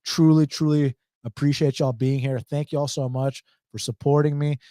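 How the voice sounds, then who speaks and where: A man's voice: on the high side, fairly even intonation, moderate pace, mellow, no room sound, studio quality. A man with an Atlanta accent hosting a live stream, reading chat questions and answering them in a blunt, casual, slangy way. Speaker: host.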